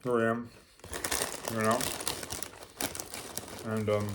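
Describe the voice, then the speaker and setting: A slightly drunk man with an American accent, rambling in a quiet late-night monologue, casual and profane. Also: flat delivery, slow, background noise. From Los Angeles. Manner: talks low and quiet. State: a little drunk. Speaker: vlogger.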